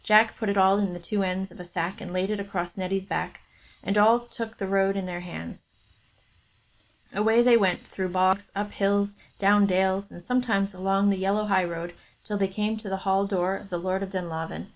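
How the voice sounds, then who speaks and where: A woman narrating a fairy tale aloud on a book club stream in a steady storytelling manner. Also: mid-range voice, normal speed.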